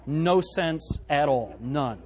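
A man preaching a sermon as pastor, reading scripture aloud and swinging between loud and hushed delivery. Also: a little high, lively intonation, slow pace, breathy edge. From United States. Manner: quotes scripture in old-fashioned wording.

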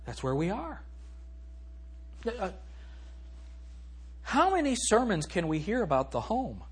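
A man preaching a sermon as pastor in a church, animated and swinging from loud to hushed, reading scripture slowly and emphatically. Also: high voice, breathy edge. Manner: reads scripture in a slow, emphatic cadence. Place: church sanctuary.

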